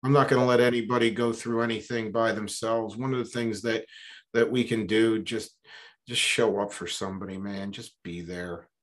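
A man with a fairly low voice speaks as an interview guest. He tells his stories in a relaxed, reflective way and leans on casual fillers as he talks. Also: moderate pace. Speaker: interview guest, business coach. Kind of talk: conversational storytelling.

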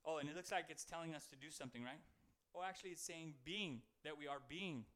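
A man's voice: a little high, quick pace, a bit bright. A man preaching an informal sermon to a congregation, talking in a conversational way, joking, and reading scripture aloud. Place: church service with people present.

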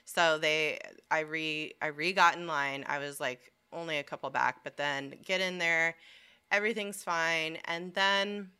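Animated, bright-voiced young woman telling a story. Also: deep voice, measured pace, clean tone. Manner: animated storyteller, swears freely, acts out quotes. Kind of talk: casual chat.

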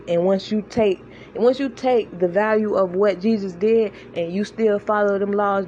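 A woman's voice: mid-range voice, a little mellow, lo-fi sound. Woman giving informal faith talk, earnest, keeps asking u get it, faint hiss behind her. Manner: earnest, conversational, repeats herself, checks in with listeners. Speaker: online faith encourager. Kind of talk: informal religious teaching monologue.

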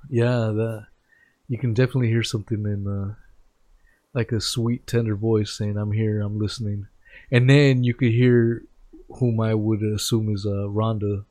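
A man hosting a casual chat, relaxed and reacting with short remarks. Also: lowish voice, moderate pace, no echo. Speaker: podcast host.

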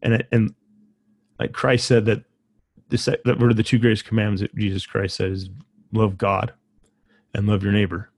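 Low flat-voiced guy hosting a podcast, emotional and halting, dry close mic. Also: dry recording. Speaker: podcast host. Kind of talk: casual conversation.

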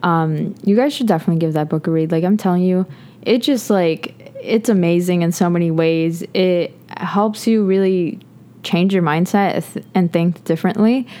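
A young woman hosts a podcast, sharing her personal views in a rambling, earnest monologue packed with "like," fillers, and restarts, at times close to tears. Her voice is lowish with a dark tone, at normal speed.

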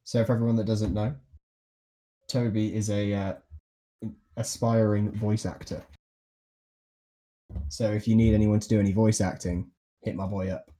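A man's voice: on the low side, level tone, moderate pace, long pauses, dark tone. A young man co-hosting a casual podcast chat, teasing and blunt. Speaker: podcast co-host.

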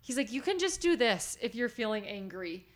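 A woman's voice: fairly high pitch, moderate pace. A woman in her thirties co-hosting a podcast. She tells family stories in casual chat and acts out the quotes with lots of laughter. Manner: animated storytelling, acting out quotes with lots of laughter. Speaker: podcast co-host.

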